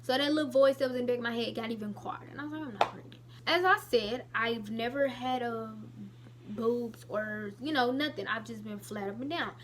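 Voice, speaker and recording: A young woman in her late teens, telling a personal story to camera in a chatty, animated way. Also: on the high side, fairly quick, noisy background. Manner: chatty, animated retelling with lots of "I was like". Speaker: vlogger.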